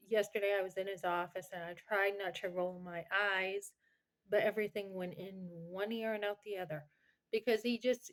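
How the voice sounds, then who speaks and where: A woman vlogging, retelling an argument with her boss in a frustrated, rambling way, with many fillers. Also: medium pitch. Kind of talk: casual personal storytelling.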